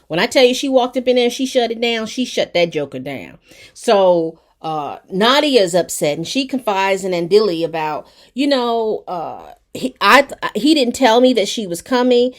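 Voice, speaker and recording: A woman's voice: medium pitch, expressive, normal speed. A woman giving a casual, chatty recap and review of a TV episode, talking straight to her viewers. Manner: chatty and colloquial, addressing viewers directly. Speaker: TV show reviewer.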